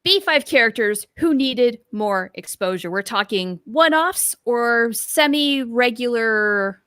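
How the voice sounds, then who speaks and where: A woman co-hosting a podcast chats casually and laughs often into a mic with a pop filter. Her fairly high, animated voice is slow, a bit bright, clear and resonant, captured as clean studio sound with no echo.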